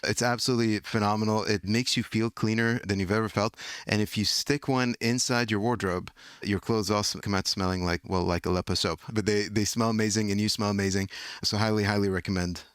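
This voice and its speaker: A man editor chatting on a podcast in a relaxed way, with many hesitations. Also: lowish voice, a little fast, smooth, no room sound, studio quality. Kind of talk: casual chat.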